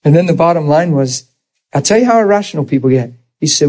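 A man preaching, telling a personal story in an earnest, animated way and acting out the dialogue. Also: fairly high pitch, fairly quick, slightly rough, poor audio. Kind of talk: storytelling sermon.

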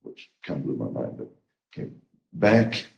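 Very deep-voiced man, echoey room. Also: very animated, normal speed, vocal fry, darkish tone, muffled recording. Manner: hesitant, restarts often. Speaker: congregation member sharing testimony. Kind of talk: halting spoken testimony.

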